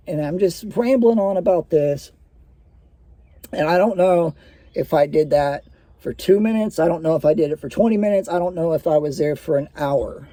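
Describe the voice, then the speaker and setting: Mellow-voiced man telling a personal story. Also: fairly high pitch, normal speed, no room sound. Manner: rambling, conversational, many fillers.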